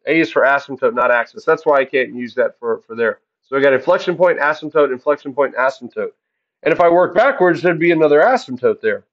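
A man's voice: on the high side, lo-fi sound. A man teaching a math class in an upbeat, jokey way, asking the class questions as he works through the graphs. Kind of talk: classroom lesson.

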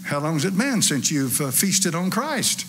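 A man, preaching a sermon to a church congregation in a folksy, animated way with asides to the crowd. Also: fairly high pitch, unhurried, noisy background. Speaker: pastor. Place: church sanctuary.

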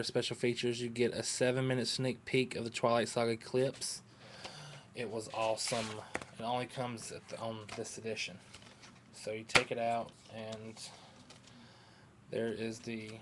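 A man's voice: medium pitch, slight background noise. Hyper, sleepy man rambling on webcam. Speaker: vlogger. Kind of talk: rambling casual webcam chat.

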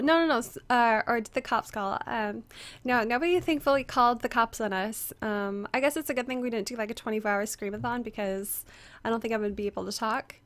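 A slightly high, fairly bright-toned voice belongs to a young woman chatting casually with viewers through a headset while she streams a game. She greets people by name with plenty of fillers, and her voice is strained from screaming the day before.

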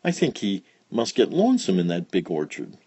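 A man reading a children's storybook aloud, voicing an eager, tender little girl in a high, pleading voice. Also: huge pitch swings, moderate pace, dark tone, breathy edge, no echo, full character voice.

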